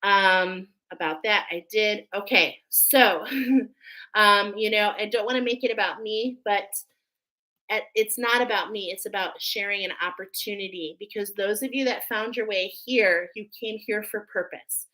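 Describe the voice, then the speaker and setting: A woman's voice: mid-range voice, measured pace, sharp tone, rough recording. A middle-aged woman from Australia doing a casual spiritual oracle card reading, chatting with viewers as friends. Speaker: tarot and oracle card reader.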